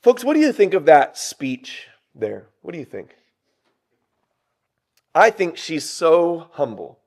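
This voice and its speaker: Male preacher, high-pitched, lively sermon delivery, asks the room questions. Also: slow pace. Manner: animated, rhetorical questions to the congregation.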